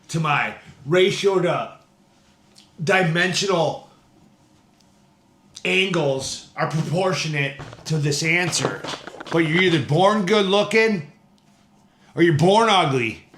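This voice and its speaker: Give me a chatty man walking through a recipe in his kitchen, fairly high voice, echo off the walls. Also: fairly bright tone. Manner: chatty, folksy, lots of fillers. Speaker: home cooking show host. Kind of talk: casual step-by-step cooking demo. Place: home kitchen.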